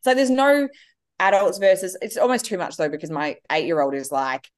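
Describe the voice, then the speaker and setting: Woman, 30s, podcast guest, lowish voice, animated storyteller. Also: a little fast. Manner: animated, acts out her kids' voices. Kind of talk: casual conversation.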